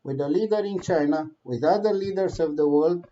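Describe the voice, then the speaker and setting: A man's voice: on the high side, moderate pace, mellow, slight background noise. A man giving heated political commentary in a vlog, impassioned, swearing, with non-native English phrasing. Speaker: vlogger. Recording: dull lo-fi recording.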